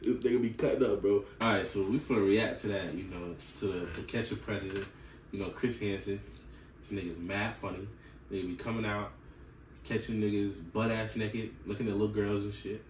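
A man's voice: fairly low pitch, brisk, slight background noise. A young man hosting a reaction video, telling a story with lots of laughing and swearing and acting out what people said. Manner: animated, laughing, swearing, acts out quotes. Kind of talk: casual storytelling and reaction chat. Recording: echoey room, mic at a distance.

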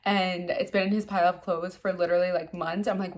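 A woman's voice: fairly low pitch, flat delivery, fast talker, few pauses. A young woman talking casually to her phone camera for a daily vlog, rambling and chatty with plenty of "like", first at home and later in a car. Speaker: vlogger.

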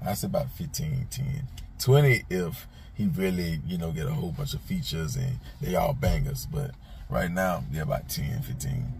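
A man's voice: low voice, animated, moderate pace, gravelly, darkish tone, slight background noise. A man hosting his own commentary channel, talking bluntly and casually, speaking straight to the people he discusses in street slang and often repeating himself. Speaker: commentator and host.

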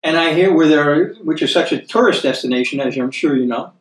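A man's voice: fairly high pitch, fairly quick, far from the mic. American man teaching in an echoey room. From United States. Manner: chatty, checks in with tag questions like "okay?" and "right?". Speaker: Bible teacher. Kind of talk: conversational Bible teaching.

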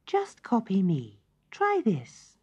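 A woman's voice: mid-range voice, wildly swooping pitch, takes it slowly, warm tone, breathy edge, dull audio, pitched above the performer's own voice, full character voice. A woman voicing a fussy male nightingale in a children's story. His voice sits far above her own and is exclaiming and fluttery.

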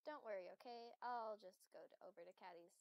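A woman's voice: medium pitch, fairly quick, dry recording, lightly acted, poor audio. A woman reading game lines aloud as a shy, kind young reindeer girl, hesitant and apologetic with stammers.

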